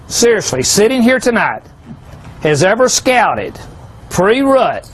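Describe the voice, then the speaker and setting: High-voiced man telling hunting tales. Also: big pitch swings, slow, slightly rough. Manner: folksy, asks the crowd rhetorical questions, joking. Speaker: hunting seminar speaker. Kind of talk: folksy storytelling talk to a live audience.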